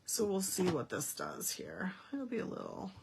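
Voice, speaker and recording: A woman's voice: mid-range voice, wildly swooping pitch, moderate pace, vocal fry, noisy background. A woman demonstrating card-making in a chatty, folksy way, thinking aloud as she works. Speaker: Stampin' Up demonstrator. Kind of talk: casual card-making demo.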